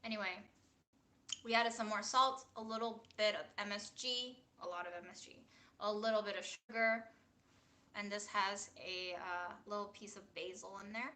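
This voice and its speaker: A woman's voice: mid-range voice, fairly even intonation, normal speed, pushed and bright. A woman hosting a casual cooking livestream from a small home kitchen, blunt and playful as she talks.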